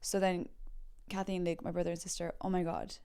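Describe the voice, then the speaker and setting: Young Irish woman, comedy podcast host, animated storyteller, smooth and clear. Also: brisk. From Ireland. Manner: chatty, animated, acts out quotes with big pitch jumps. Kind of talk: comic storytelling.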